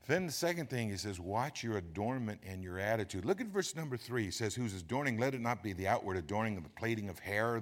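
An older man, preaching a sermon in a folksy, animated, humorous way. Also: lowish voice. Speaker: pastor. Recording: long hall reverb.

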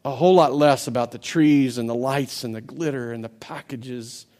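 A man preaching a sermon as pastor, building to loud, impassioned stretches and often repeating words as he restarts. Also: mid-range voice, normal speed. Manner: impassioned preaching that builds to near-shouting climaxes.

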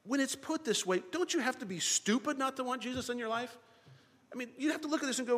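A man preaching a sermon as pastor, swinging between loud emphasis and hushed, quiet lines. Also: extremely high pitch, quick pace. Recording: long reverb of a large hall.

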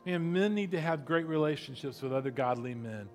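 A man pastor closing a sermon with a soft prayer, then giving upbeat, joking church announcements. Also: fairly high pitch, expressive, fairly quick, faint music behind.

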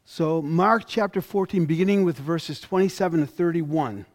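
A male pastor with a fairly high voice preaches a sermon at normal speed. He reads scripture aloud, his voice rising emphatically on the quoted lines.

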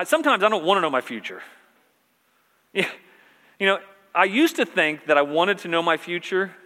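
A man's voice: fairly high pitch, bright, forceful tone. A man preaching a conversational sermon, repeating phrases for emphasis. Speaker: pastor. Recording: reverberant hall.

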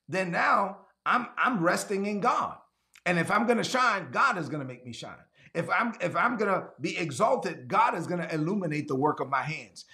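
High-pitched with vocal fry and a bright, forceful tone, a man preaches an online sermon as pastor. He hammers key phrases, asks listeners to respond in the chat, and sometimes voices the people he quotes.

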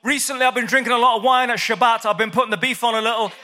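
A man's voice: very high-pitched, steady tone, very fast, sharp tone, faint music behind, voice pushed up. A man putting on a fretful, stalling disciple. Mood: nervous pleading. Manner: pleading, comically hesitant. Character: anxious, stalling male disciple on the waves. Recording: long hall reverb.

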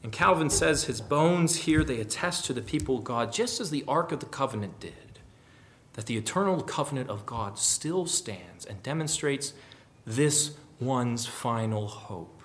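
A man preaching a sermon, rising to loud emphatic questions and then dropping to quiet, low musing. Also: expressive, a little slow. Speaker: pastor.

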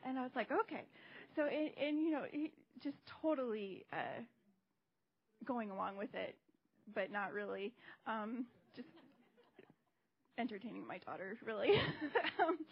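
A woman telling a personal testimony in a casual, animated way, acting out the voices she quotes. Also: on the high side, fairly quick, slightly rough. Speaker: church member sharing a testimony. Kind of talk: casual storytelling. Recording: dull lo-fi recording.

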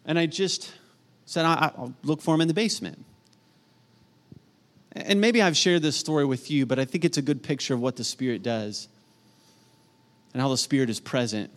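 A middle-aged man preaching a sermon, earnest, swinging from emphatic peaks to soft, hushed storytelling. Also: medium pitch, moderate pace, long pauses. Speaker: pastor.

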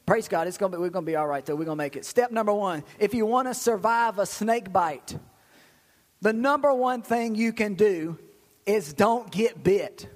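A male pastor preaching a sermon in a folksy, animated way, cracking blunt jokes. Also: high voice, fairly quick, in a large hall.

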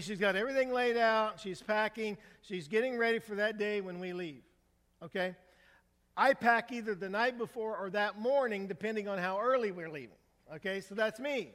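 An older male pastor preaching a sermon in a relaxed, storytelling way, with humor, asking the congregation questions. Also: high voice, big-room sound. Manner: conversational storytelling with humor, asks the crowd for a show of hands. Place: church sanctuary.

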